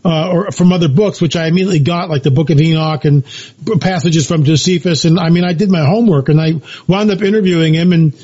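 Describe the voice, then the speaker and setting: A man's voice: a little high, warm tone, breathy edge. A man, an author being interviewed, telling his story emphatically with many repeated phrases and fillers. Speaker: author and researcher guest. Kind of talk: animated storytelling interview talk. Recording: dull lo-fi audio.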